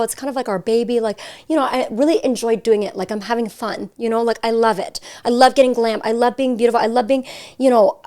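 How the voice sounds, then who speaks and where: A young woman hosts a casual podcast chat, her voice sitting a little high. She talks in a chatty, giggly way and fills her sentences with fillers. She is recorded in a hotel suite. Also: a little mellow. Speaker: podcast host.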